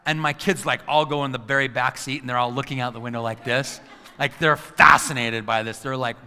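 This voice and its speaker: A man's voice: medium pitch, fairly quick, sharp tone. A middle-aged man giving a motivational talk to a live audience, acting out scenes in his stories and quizzing the crowd. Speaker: motivational speaker and coach. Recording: long reverb of a large hall.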